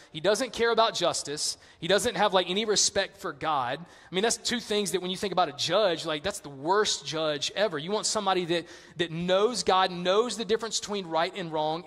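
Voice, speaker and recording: High-voiced pastor preaching in an echoey hall. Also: male voice. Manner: conversational, animated storytelling. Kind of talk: sermon.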